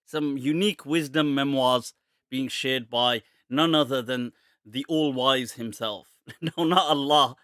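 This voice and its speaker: A man's voice: mid-range voice, measured pace, bright, forceful tone, dry recording, studio quality. Jokey man hosting a live Q&A. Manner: jokey, laughs often, mixes Urdu phrases. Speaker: host of a live Q&A show. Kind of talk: casual live-stream chat.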